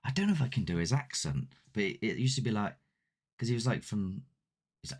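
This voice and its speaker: Deep-voiced man chatting casually on a live stream. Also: sing-song, a little fast, breathy edge. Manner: chatty, rambling, self-deprecating. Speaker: host of a paranormal channel. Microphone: desk mic with ring light.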